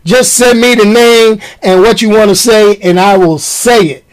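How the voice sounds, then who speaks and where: A man with a high-sitting voice hosts his own podcast, ranting casually to his listeners at a measured pace. He's animated and talks straight to the audience, throwing in slang, though the recording is rough.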